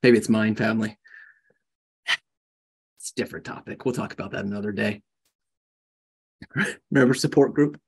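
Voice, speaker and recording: A man coaching a live group of real estate agents in a lively, joking way, often acting out conversations. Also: lowish voice, moderate pace, pauses often, husky. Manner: animated, jokey, acts out conversations.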